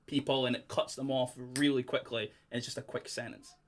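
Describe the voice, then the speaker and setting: A Scottish man hosting a casual podcast chat, animated and quick to laugh, often acting out quoted lines. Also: medium pitch. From Scotland. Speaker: podcast host.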